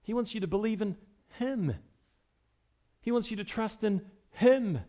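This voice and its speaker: A pastor preaching a sermon to his congregation, emphatic, his voice swinging between loud and quiet. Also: measured pace. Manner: emphatic preaching with wide swings in pitch and loudness.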